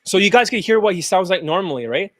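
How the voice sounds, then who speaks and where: A man's voice: sits high, expressive, fast talker, fairly bright tone, no echo. A man hosting his own channel as a dating coach, delivering a blunt, mocking rant full of swearing. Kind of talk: profane reaction rant.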